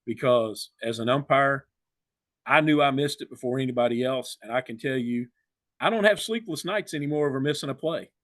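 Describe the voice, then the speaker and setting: An older man, a retired umpire, talking reflectively in a casual interview, with many pauses and fillers. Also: medium pitch, fairly bright tone, no room sound, clean studio sound.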